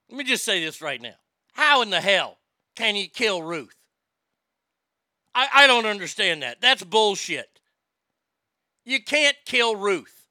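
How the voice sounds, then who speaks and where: A man's voice: high-pitched, sharp tone, no echo, clean studio sound. A man hosting a live stream, chatting casually, ranting with profanity and reading viewer comments aloud.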